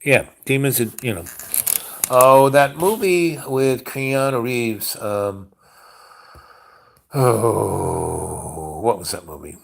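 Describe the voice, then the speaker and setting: A man's voice: lowish voice, vocal fry. A man rambling through a casual story on a livestream, full of restarts and filler phrases. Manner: meandering, full of "you know" and restarts. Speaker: livestream host.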